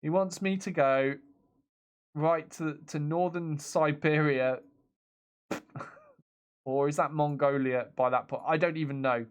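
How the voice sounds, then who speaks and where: A man's voice: a little high, steady tone, a little slow, long pauses, smooth. A man streaming a strategy game, chatting casually, laughing often and reading viewer messages and game text aloud. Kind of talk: casual let's-play commentary.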